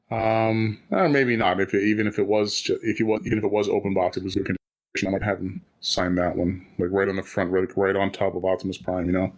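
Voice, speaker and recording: Chatty man with a lowish voice. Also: flat delivery, a little fast. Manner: chatty, rambling with restarts. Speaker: podcast co-host. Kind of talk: casual chat.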